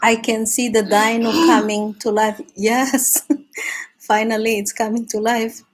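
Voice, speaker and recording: A woman chats with her live-stream viewers while she draws, in a husky, slightly high voice. She talks slowly and easily, laughing often and starting sentences over. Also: little pitch movement, low-quality recording. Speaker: host of a live drawing stream. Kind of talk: casual live-stream chat while drawing.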